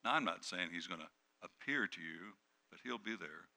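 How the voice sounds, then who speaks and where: A middle-aged male pastor preaching a sermon, dropping to hushed tones and then rising to loud, emphatic peaks. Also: low-pitched, animated, normal speed. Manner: dynamic preaching, swings from hushed to shouting.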